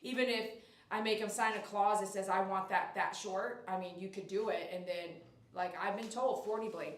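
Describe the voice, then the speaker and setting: A woman's voice: mid-range voice, fairly even intonation, moderate pace, reverberant, a little hiss or hum. A woman, a dog groomer chatting on a casual livestream and reading viewer comments aloud.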